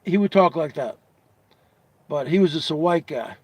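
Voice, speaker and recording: A man hosting a casual comedy show, asking his audience teasing questions over and over in a drawn-out way. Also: a little high, animated, a little mellow, husky, no room sound. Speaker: host.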